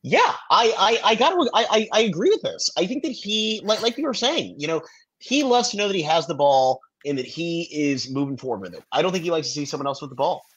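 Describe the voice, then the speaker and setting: A man co-hosting a podcast, chatting casually with lively stammering restarts. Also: on the high side, a little fast, husky, highs cut off. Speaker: podcast co-host. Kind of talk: casual recap chat.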